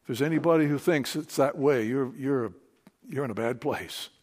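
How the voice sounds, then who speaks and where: A man preaching a sermon to a church meeting, fervent, dropping to hushed tones and rising to emphatic declarations. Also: medium pitch, moderate pace.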